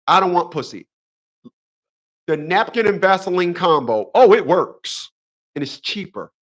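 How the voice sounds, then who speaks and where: A man's voice: high-pitched, expressive, measured pace, fairly bright tone. A man in his fifties hosting a casual livestream monologue, emphatic and preachy, often repeating his phrases. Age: 50s. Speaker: host.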